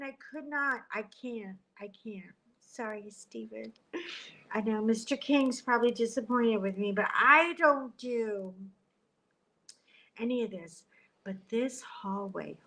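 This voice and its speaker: A woman's voice: a little high, slow pace, slight background noise, low-quality recording. Chatty woman live-streaming from a hotel. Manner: chatty and animated, jokes and gasps. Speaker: livestream host. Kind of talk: casual live chat. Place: hotel room. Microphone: tablet camera.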